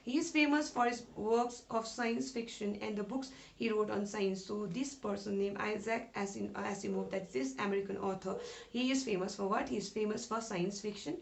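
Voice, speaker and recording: A woman's voice: mid-range voice, steady tone, normal speed, gravelly. A woman teacher explaining a story line by line to schoolchildren, rephrasing each sentence and asking questions aloud with frequent "uh" fillers. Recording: echoey room with faint noise.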